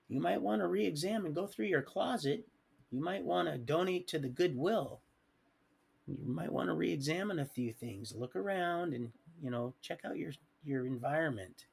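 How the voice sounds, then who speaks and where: A man telling a rambling personal story on a livestream, animated, swinging between loud outbursts and quiet asides and acting out what others said. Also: fairly high pitch, vocal fry, slightly rough. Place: home livestream setup.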